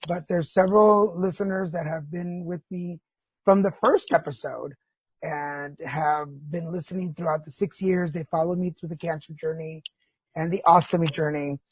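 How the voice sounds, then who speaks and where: A middle-aged man hosts a casual podcast chat with a husky, breathy voice. He tells candid stories with plenty of feeling and swears freely. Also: fairly high pitch, fairly even intonation, moderate pace, no room sound. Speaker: podcast host.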